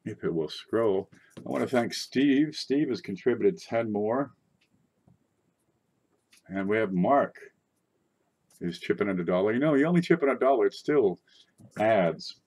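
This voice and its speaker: A man with a fairly low voice hosts a casual coin show from his desk. He rambles in a chatty way and breaks into sudden excited outbursts. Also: measured pace, long pauses. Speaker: coin collecting channel host. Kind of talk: casual livestream chat.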